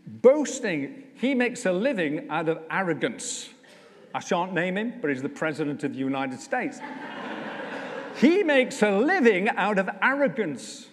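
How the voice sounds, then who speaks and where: A man, a vicar, preaching a conversational sermon with humour, slowing down to stress key lines, in a church. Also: high voice, big pitch swings. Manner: conversational, humorous, slows down for emphasis. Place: church, indoors. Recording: echoey church hall.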